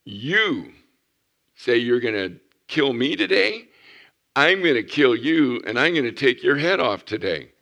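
A man's voice: medium pitch, big pitch swings, a little slow, vocal fry, sharp tone, full character voice. A man voicing a young shepherd boy who speaks fiercely and defiantly. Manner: fierce, declaring.

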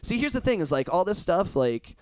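Guy on a podcast, kinda high voice, rambly, swears a ton, dry close sound. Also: big pitch swings, fairly quick, darkish tone, clean tone, no echo. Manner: rambling, swears a lot, emphatic. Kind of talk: casual chat.

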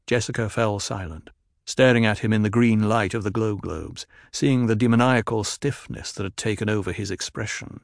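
A man narrating an audiobook in a steady, even reading. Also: lowish voice, moderate pace, vocal fry, no echo, clean studio sound.

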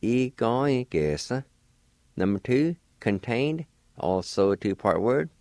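Slow, careful male language teacher. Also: mid-range voice, expressive, darkish tone, dry recording, studio quality. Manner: slow, careful syllable-by-syllable pronunciation; encouraging. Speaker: radio host and language teacher. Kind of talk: radio language lesson.

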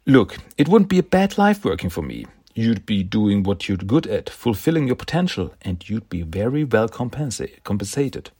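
A man voicing a scheming, power-crazed woman crime boss who is a gazelle, coaxing and quietly menacing, with a husky low voice. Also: sing-song, normal speed, hardly any pauses, no room sound, studio quality. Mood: coaxing menace.

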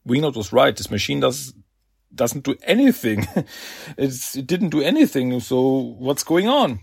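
A man voicing a thoughtful, nerdy turtle musing over a machine, husky and slightly lowered. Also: sing-song, a little slow, dry recording, studio quality, full character voice.

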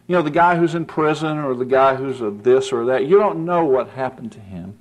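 A man's voice: mid-range voice, lively intonation, a little fast, few pauses. A man preaching a sermon in an earnest, folksy way, often asking "see?" and building to emphatic peaks.

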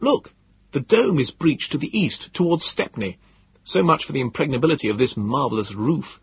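A man's voice: medium pitch, expressive, normal speed, husky, highs cut off, voice pushed up. A man voicing an eager young companion who speaks urgently and breathlessly. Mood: wry.

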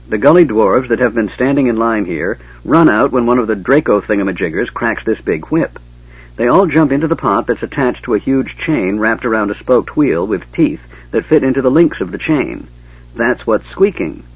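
A man voicing a curious, hyperactive male kender who chatters excitedly. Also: mid-range voice, breathy edge. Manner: rapid excited chatter, breaks into giggles. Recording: dull lo-fi tape, dry.

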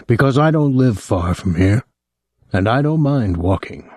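A male narrator voicing a middle-aged immigrant father who speaks in a calm, conversational, coldly menacing way. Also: medium pitch, a little slow, dry recording, studio quality.

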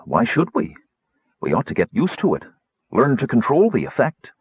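A man's voice: medium pitch, huge pitch swings, normal speed, slightly rough, no room sound, highs cut off, pitched above the performer's own voice, heavily acted. A man voicing a proud, power-hungry woman warrior who speaks firmly and commandingly, in an audiobook. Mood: fierce. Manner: firm, commanding.

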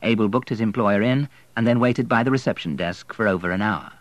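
Low-voiced male audiobook narrator. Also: a little fast, no echo. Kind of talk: scripted narration.

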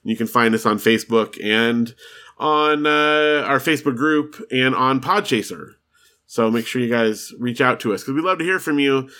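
A man's voice: mid-range voice, moderate pace, bright, forceful tone. A man hosting a podcast in casual chat, talkative and laughing easily. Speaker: podcast host.

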